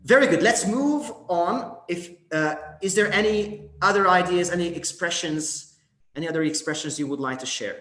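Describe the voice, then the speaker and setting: A man's voice: high voice, moderate pace, bright, forceful tone, reverberant. A man with an Argentine Spanish accent leading an English workshop on debate phrases, hesitant with many fillers and often checking with the group. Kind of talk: teaching debate phrases in an online class.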